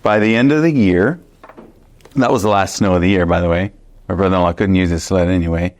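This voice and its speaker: A man teaching a Bible study, telling a personal story in an animated, conversational way with many fillers and restarts. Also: low voice, brisk.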